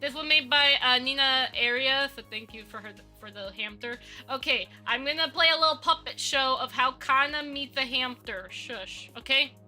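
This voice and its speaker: Bright-voiced woman chatting on a stream. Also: sits high, normal speed, few pauses, soft background music. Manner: rambling, self-talking, playful. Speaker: streamer and 3D modeler. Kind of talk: casual live-stream chat.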